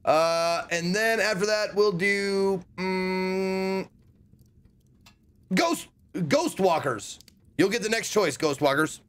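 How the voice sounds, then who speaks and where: A man's voice: high voice, slow, fairly bright tone, smooth. A man streaming an adventure game, commenting casually and thinking aloud with hesitant restarts.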